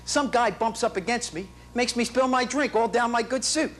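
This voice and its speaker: A one-man-show performer on stage delivers a comic monologue as a boastful, gabby working-class father, full of street slang and poor grammar. His pitch is extremely high and a bit bright, at a normal speed.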